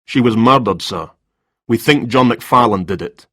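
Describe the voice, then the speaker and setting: A man voicing a stern male police detective who questions in short, clipped lines, with a husky voice. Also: mid-range voice, a little slow, sharp tone, no echo, studio quality.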